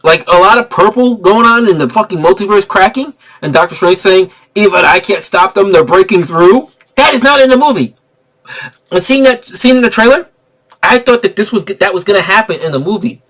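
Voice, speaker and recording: A man giving a casual spoiler movie review, excitable and profane, laughing often and a bit tipsy from drinking. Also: high voice, fairly quick. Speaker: film reviewer.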